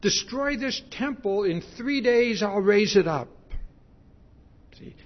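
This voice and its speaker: A man preaching a sermon, slow and emphatic, tagging his points with "see?". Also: high voice, animated, dull audio.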